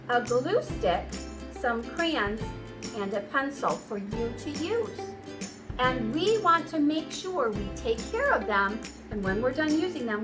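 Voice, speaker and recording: A woman kindergarten teacher talking gently to young children, her high voice swooping in a sing-song way. She speaks slowly and clearly, as if to five-year-olds, with faint music in the background. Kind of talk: welcome video and read-aloud for young children.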